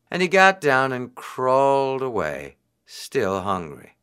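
A man reading a children's folk tale aloud in an expressive, unhurried way. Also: medium pitch, clean tone. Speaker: storyteller.

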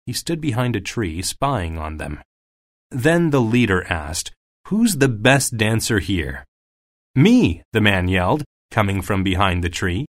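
A man reading a folk tale aloud as scripted narration, with an expressive delivery. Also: on the low side, dry recording, clean studio sound. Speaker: storyteller.

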